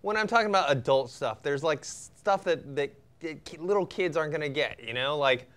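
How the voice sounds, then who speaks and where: A man's voice: on the high side, expressive, brisk, a bit bright. A man chatting casually in a film review, rambling with many fillers and restarts.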